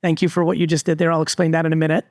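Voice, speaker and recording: A middle-aged man speaking to a live crowd, blunt and emphatic, leaning hard on his points. His voice sits high with a gravelly edge, and the sound is close and dry. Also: monotone, racing, a little mellow, no echo. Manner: blunt, emphatic, repeats "literally". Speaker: entrepreneur and guest speaker. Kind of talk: live stage talk to an audience. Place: resort event stage before a live audience.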